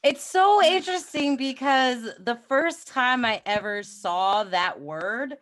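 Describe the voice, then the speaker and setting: Bright-voiced woman with a New York accent. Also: high-pitched, slow. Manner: lively, chatty storytelling. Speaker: content creator on a livestream. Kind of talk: casual chat.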